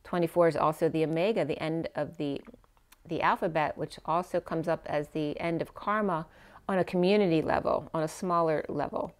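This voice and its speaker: A woman with a slightly low voice walks through a spiritual tarot reading. She speaks softly and meanders, letting her phrases trail away, and her voice is wearing thin. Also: fairly even intonation, a little fast. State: losing her voice. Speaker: tarot reader.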